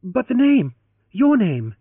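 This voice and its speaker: A man reading an audiobook and voicing a proud, fiery young woman quick to anger, over a tinny line. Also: sits high, huge pitch swings, slightly rough, no echo, voice pushed up, heavily acted. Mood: startled. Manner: flashing, accusing, then faltering. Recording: tinny phone-like, dry.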